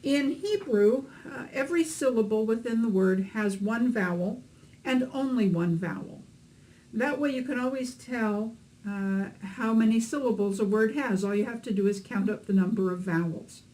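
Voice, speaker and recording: A woman's voice: fairly high pitch, normal speed, warm tone, low-quality recording. A woman teaching beginners to read Hebrew, explaining letters and vowels patiently with a few fillers. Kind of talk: instructional lesson narration.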